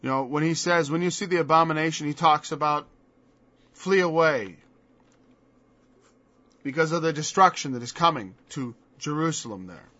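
A man's voice: fairly high pitch, normal speed, pauses often, pushed and bright, no room sound. A man preaching a sermon in an emphatic style, firing off mocking rhetorical questions. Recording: dull lo-fi dry recording.

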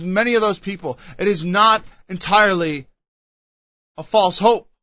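A man's voice: high voice, sharp tone, no room sound, lo-fi sound. A man preaching a Bible sermon, reading verses aloud and then explaining them with emphatic asides.

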